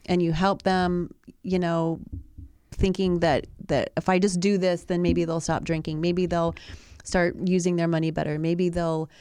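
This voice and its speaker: A woman's voice: lowish voice, level tone, measured pace, a little mellow, clean tone, no echo, clean studio sound. A woman in a talk show, telling a personal story in an earnest, reflective way with many restarts. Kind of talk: conversational storytelling.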